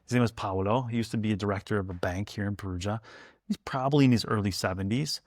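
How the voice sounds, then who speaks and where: A man's voice: fairly low pitch, quick pace, no echo, studio quality. A man, a food historian, chatting as a podcast guest and telling stories with jokey asides. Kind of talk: casual podcast conversation.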